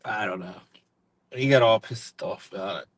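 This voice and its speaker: A man's voice: lowish voice, moderate pace, a bit bright, dry recording. A man chatting casually as a guest on a live stream, rambling through his stories and laughing often. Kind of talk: casual chat.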